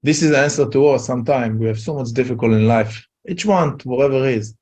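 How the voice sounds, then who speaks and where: A man telling a Torah story in a casual talk, halting and repeating words. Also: mid-range voice, a little mellow. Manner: halting, repeats words, Yiddish-laced English. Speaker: rabbi giving a talk.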